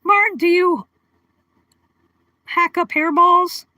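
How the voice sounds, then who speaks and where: A woman's voice: extremely high pitch, slow, pushed and bright, no room sound, low-quality recording. A woman hosting a casual livestream, chatting with viewers by name and giggling often. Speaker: livestream host. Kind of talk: casual live-stream chat.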